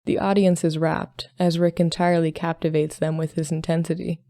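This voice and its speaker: Calm, low-voiced woman narrator. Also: no echo. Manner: calm, measured storytelling. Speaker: podcast host and story reader. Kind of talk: scripted narration.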